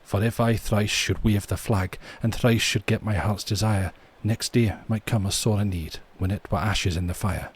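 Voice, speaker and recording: A man's voice: fairly low pitch, steady tone, normal speed, hardly any pauses, breathy edge. A man putting on a solemn Scottish chieftain. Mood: grave. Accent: Scottish, put on. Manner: solemn, ballad-like recital. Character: proud Scottish clan chief, grim and brave.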